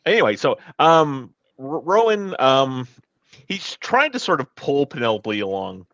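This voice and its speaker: A man's voice: medium pitch, big pitch swings, a little slow, fairly bright tone, dry recording, lo-fi sound. A man narrating his character's actions in a tabletop role-play, hesitant with many restarts. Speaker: player.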